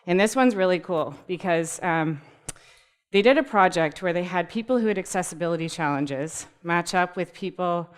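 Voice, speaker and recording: This speaker's voice is fairly low, clear, and resonant, moving at a moderate pace. She's presenting at a tech community event in a relaxed, cheerful, conversational way, talking straight to the live crowd and laughing readily.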